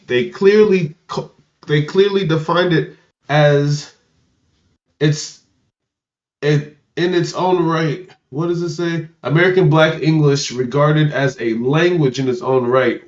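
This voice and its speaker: A man's voice: fairly high pitch, highs cut off. A man from Africa co-hosting a casual podcast, who stammers through restarts and fires off incredulous questions. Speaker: podcast co-host.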